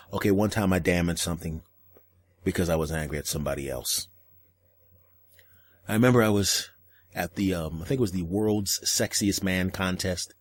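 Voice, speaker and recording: A man hosting a solo podcast, telling comic stories and acting out other people's lines with deadpan jokes. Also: deep voice. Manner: storytelling, acts out voices in quotes, deadpan jokes. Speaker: podcast host. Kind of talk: solo comedic podcast monologue.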